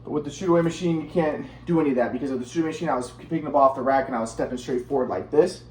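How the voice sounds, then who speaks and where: A man's voice: mid-range voice, rapid-fire, a little mellow, echoey room, a little hiss or hum. A man telling a personal story in a casual, rambling monologue, repeating himself while demonstrating moves.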